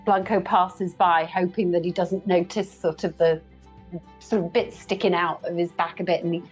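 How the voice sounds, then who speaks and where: A woman's voice: on the low side, fairly even intonation, normal speed, breathy edge, faint music behind, low-quality recording. A woman playing a tabletop game, loosely describing her character's actions with many likes and ums. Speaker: player. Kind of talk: narrating own character's actions.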